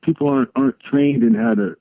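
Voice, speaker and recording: Rambling middle-aged co-host on a phone line. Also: male voice, mid-range voice, quick pace, dry recording. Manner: rambling, searching for words. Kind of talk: casual political talk. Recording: tinny phone-line audio.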